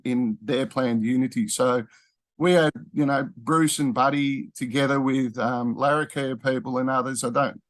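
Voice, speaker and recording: A man talks in an easygoing, meandering way, stopping to correct himself and filling gaps with "you know" and "um". His voice sits at an average pitch for a man. The recording is dry and close, with no room sound. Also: dry recording. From Australia. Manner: rambling, with frequent fillers and self-corrections. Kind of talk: casual conversational talk.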